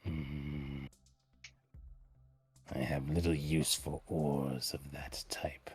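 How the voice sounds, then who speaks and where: A man voicing a cold, haggling devil shopkeeper with wings and a tail, speaking low, slow and curt. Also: flat delivery, breathy edge, faint music behind, heavily acted. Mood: disdainful.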